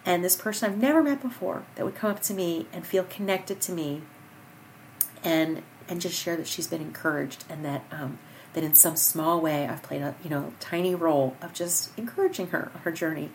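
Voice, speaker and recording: A woman's voice: on the low side, normal speed, slight background noise. A middle-aged woman hosting a podcast, talking earnestly and encouragingly in a rambling personal monologue. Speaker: podcast host.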